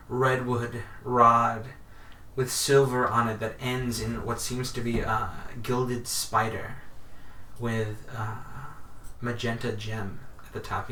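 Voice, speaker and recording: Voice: medium pitch, sharp tone, a little hiss or hum. Game master narrating in an echoey room. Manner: loose, hesitant narration with fillers. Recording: echoey room, mic at a distance.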